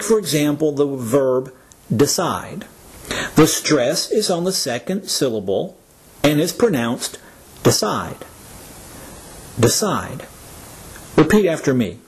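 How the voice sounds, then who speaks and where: A man with a North American accent teaching English word stress, speaking deliberately and stressing words for learners to repeat. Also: fairly high pitch, darkish tone, husky. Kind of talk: slow scripted lesson narration.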